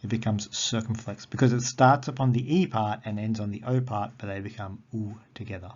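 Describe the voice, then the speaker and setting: A man teaching a recorded grammar lesson, explaining patiently and repeating words slowly. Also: fairly low pitch, steady tone, darkish tone, husky. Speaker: Greek teacher. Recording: dull lo-fi audio.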